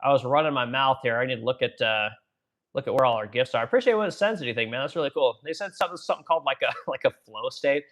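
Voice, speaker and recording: A man's voice: medium pitch, racing, a bit bright. A man hosting a live stream, ranting bluntly and profanely about the economy and reading viewer comments, with rambling asides to his audience. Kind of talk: casual political rant on a live stream.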